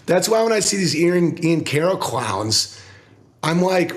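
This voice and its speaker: Profane, rambling comedian. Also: male voice, lively intonation, slow. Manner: profane, rambling, acts out quoted people in lower voices. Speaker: comedian guest. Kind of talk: casual interview talk.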